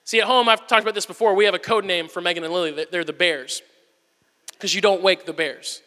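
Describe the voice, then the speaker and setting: A pastor in his thirties delivers a sermon in a very high, bright, forceful voice, telling stories quickly and acting them out, even performing a whisper-yell. The long reverb of a big hall rings around him.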